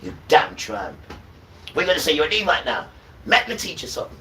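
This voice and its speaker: Male streamer, preachy ranting monologue, bright tone, distant mic with light ambient noise. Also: on the high side, big pitch swings, fairly quick. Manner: preachy, repeats "right?" to viewers. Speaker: livestreamer.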